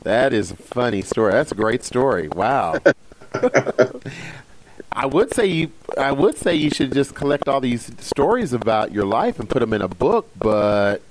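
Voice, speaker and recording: A man's voice: medium pitch, animated, measured pace, slight background noise, rough recording. A man hosting a casual interview, reacting briefly and laughing along with his guest. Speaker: interview host.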